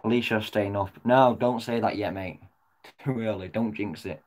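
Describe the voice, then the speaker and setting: Swearing football fan reacting live. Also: male voice, lowish voice, moderate pace. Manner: swears often, shouts at the referee, swings from mutters to yells.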